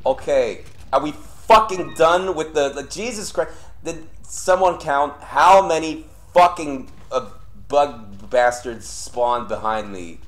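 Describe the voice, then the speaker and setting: Slow-talking, foul-mouthed young male streamer. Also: mid-range voice. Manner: swears often, swings between grumbling and yelling. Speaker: streamer playing a horror game. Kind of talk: live gameplay commentary.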